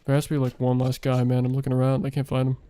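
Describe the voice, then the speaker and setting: A man's voice: mid-range voice, monotone, racing, dark tone, smooth. Rambling young man streaming late. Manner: rambling, heavy on fillers. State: voice worn out late at night. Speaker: streamer and game developer. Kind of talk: casual gaming stream chat.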